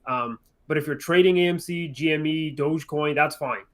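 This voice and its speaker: A man's voice: on the high side, moderate pace. A man in casual market chat who keeps tagging "right?" and "you know" onto his sentences.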